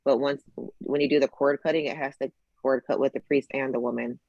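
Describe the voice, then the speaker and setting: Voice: medium pitch, little pitch movement, a little fast, vocal fry, a little mellow, dry recording, muffled recording. A psychic medium describing visions, hesitant and searching for words.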